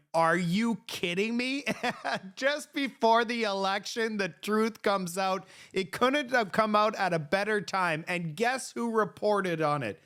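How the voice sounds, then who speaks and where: A man's voice: sits high, a bit bright. A man hosting opinionated political commentary, sarcastic and mocking in tone.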